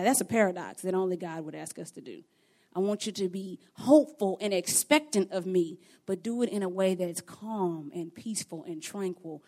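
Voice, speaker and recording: A woman giving a devotional Bible teaching to other women, talking in an earnest, conversational and emotionally expressive way. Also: mid-range voice.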